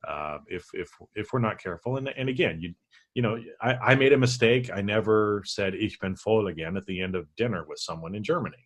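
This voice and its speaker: A man's voice: lowish voice, animated, fairly quick. A man co-hosting a podcast, telling an easygoing story in casual chat with many restarts. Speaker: podcast co-host.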